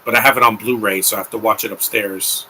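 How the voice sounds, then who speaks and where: A man's voice: on the low side, fairly even intonation, fast talker, sharp tone, slight background noise, rough recording. A young man hosting a live movie commentary, talking in an offhand, rambling way with opinionated asides.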